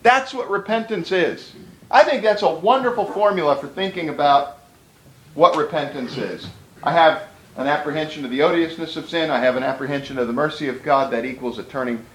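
A man's voice: a little high, a little fast, a bit bright, roomy sound, slight background noise, poor audio. A man preaching a sermon to a room of pastors, emphatic and conversational, with repeated words for stress.

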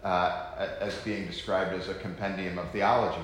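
A man leading an informal Bible study, talking in an animated way with many restarts and acted-out quotes. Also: deep voice, brisk. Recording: echoey room with faint noise.

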